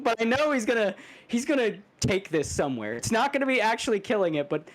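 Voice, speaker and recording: A man's voice: high-pitched, sing-song, brisk. A man co-hosting a podcast, telling a story in casual chat, laughing, swearing and restarting his sentences. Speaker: podcast co-host.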